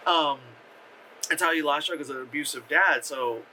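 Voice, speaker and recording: A young man recaps a film in loose, profane chatter, full of fillers and excited retellings. His voice sits a bit high and sounds very bright and forceful, with a faint hum behind him. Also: moderate pace, rough recording. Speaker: movie reviewer. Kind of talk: casual rambling film review.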